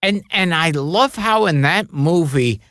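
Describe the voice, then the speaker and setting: A man chatting as a podcast guest, his speech slow and drawn out with a bright, pointed tone that swoops up and down a lot. He tells crude stories deadpan, and the studio mic sounds close and dry. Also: fairly high pitch, no room sound. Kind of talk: casual podcast chat.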